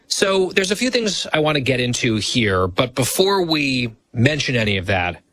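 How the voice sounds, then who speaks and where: A man hosting a radio talk show, teasing his co-host in casual banter with dry, deadpan ribbing. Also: medium pitch, normal speed, dry recording.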